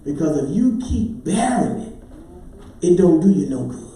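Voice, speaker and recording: Male pastor, rhythmic preaching that rises into sung cries, mellow dark tone, echoey church hall heard from a distance. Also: fairly high pitch, sing-song, normal speed. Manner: rhythmic preaching that builds to sung, hollered climaxes. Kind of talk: preaching a sermon. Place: large church sanctuary.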